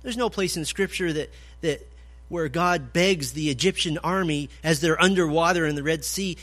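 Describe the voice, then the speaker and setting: A man preaching an expository sermon, emphatic, swinging from loud declarations to low, quiet points. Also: expressive, normal speed, slightly rough. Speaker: pastor.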